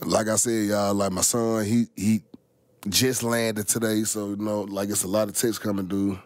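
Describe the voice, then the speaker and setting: A man's voice: lowish voice, level tone, normal speed, no room sound. A middle-aged man, rambling casually to his viewers, full of slang and swearing. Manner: profane, rambling, heavy slang. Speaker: vlogger.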